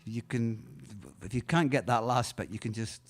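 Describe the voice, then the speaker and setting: A man's voice: medium pitch, moderate pace. A man with a Scottish accent, a singer-songwriter hosting a live music show, chatting casually and telling homely stories between songs. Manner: relaxed and rambling, gentle chuckles, homely storytelling.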